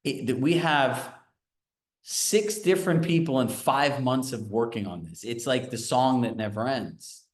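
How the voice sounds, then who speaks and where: A man coaching sales agents at a training session, animated, telling stories and asking the audience questions. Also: mid-range voice, a little slow. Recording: roomy echo.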